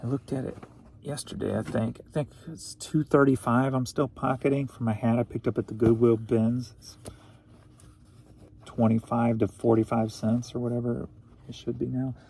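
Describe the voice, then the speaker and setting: Creaky and mellow with a breathy edge, his medium-pitched voice stays level at a moderate pace. The St. Louis-area eBay reseller rambles casually about his recent sales, goofing off with jokey side comments.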